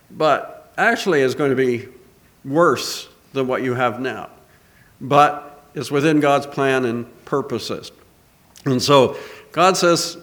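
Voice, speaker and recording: An earnest man preaches a sermon in a mid-range voice. He lifts his voice when reading scripture, then settles into a quieter, halting manner full of small pauses. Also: medium pitch.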